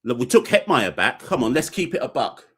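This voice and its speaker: A man's voice: mid-range voice, big pitch swings, brisk, husky. A man hosting a live cricket podcast stream, reading super chats and giving blunt opinions in slangy, playful talk. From Caribbean. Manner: joking, playful fake fitness-instructor bit. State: out of breath. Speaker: podcast host.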